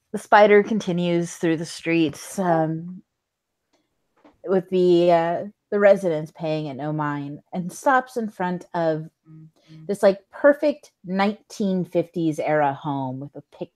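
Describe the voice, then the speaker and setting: A woman's voice: lowish voice, a little mellow, low-quality recording. A woman running a tabletop role-playing game, narrating the scene in a laid-back way with many fillers and laughs. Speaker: game master.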